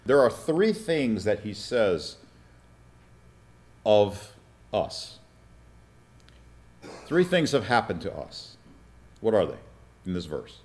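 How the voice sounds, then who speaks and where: A man with a somewhat low voice preaches a teaching sermon. He explains step by step, puts questions to his listeners and checks with them as he goes. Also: sing-song, takes it slowly, long pauses. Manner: teaching, asks the congregation questions and checks with "all right?". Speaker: pastor.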